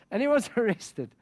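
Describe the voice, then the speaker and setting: High-voiced, lively middle-aged male preacher. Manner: passionate storytelling with laughter and quoted dialogue. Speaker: pastor. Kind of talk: sermon.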